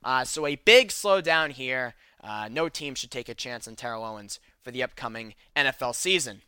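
A man's voice: mid-range voice, expressive, normal speed, bright, forceful tone, clean tone, dry recording. A man hosting a sports talk show, delivering an emphatic, opinionated monologue.

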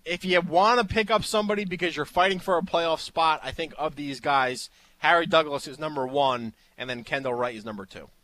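A man's voice: on the high side, brisk, a bit bright. A man co-hosting a fantasy football radio show, chatting in an easygoing way and giving advice. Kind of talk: casual sports radio talk.

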